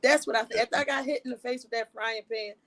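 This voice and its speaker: Animated, laughing woman storyteller. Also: fairly high pitch, quick pace, dry recording. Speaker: podcast co-host. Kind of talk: casual chat.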